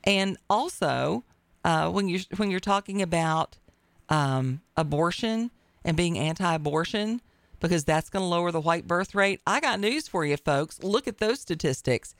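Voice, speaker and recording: A woman's voice: on the low side, expressive, a little slow, no echo. A woman hosting a talk radio show who speaks in a blunt, emphatic, wry way. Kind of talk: opinionated talk radio chat.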